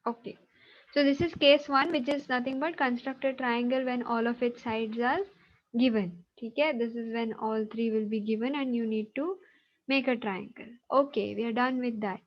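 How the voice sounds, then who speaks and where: A woman with an Indian English accent teaches an online class, explaining steps patiently and often checking whether her students follow. Her voice sits fairly high. The sound is dull and lo-fi, like video call audio. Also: steady tone, normal speed. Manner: patient, explanatory, checks understanding with tag questions.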